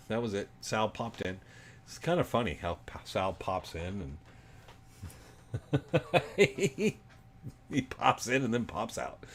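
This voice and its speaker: A man's voice: on the low side, very animated, takes it slowly, pauses often, fairly bright tone. A middle-aged man from Arizona hosting a livestream, chatting casually and rambling with many ums. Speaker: livestream host.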